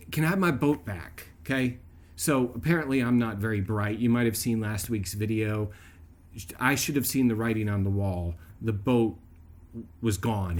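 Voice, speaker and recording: A man hosting his own video, telling a childhood story in a chatty, animated way that turns into a faith message, often checking in with "right?". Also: medium pitch. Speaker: video host.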